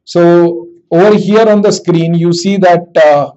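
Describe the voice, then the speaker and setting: A man with an Indian accent walking through a software demo in a steady, explanatory way, with frequent "so" and "uh". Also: high voice, slow, dull audio. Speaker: tech presenter. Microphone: headset.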